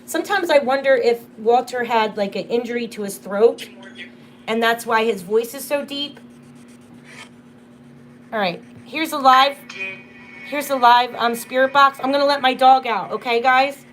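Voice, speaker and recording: A young woman with a fairly high voice chats casually on a home livestream. She tells stories loosely, with plenty of fillers. A faint hum of room noise sits under her voice. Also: measured pace, long pauses, fairly bright tone. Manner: chatty storytelling, full of "like". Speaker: livestream host.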